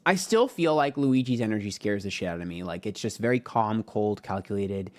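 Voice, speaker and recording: Lowish-voiced man doing a rambling tarot reading. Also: expressive, brisk, darkish tone. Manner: rambling, frank and profane, with many fillers. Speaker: tarot reader. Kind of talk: casual tarot reading monologue.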